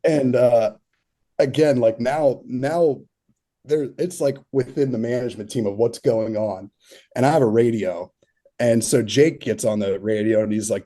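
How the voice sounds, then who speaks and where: A man's voice: medium pitch, unhurried, warm tone. A man in his thirties, a turf consultant as a podcast guest, telling rambling stories full of fillers and laughs. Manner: rambling, filler-heavy storytelling with frequent laughs. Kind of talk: casual interview storytelling.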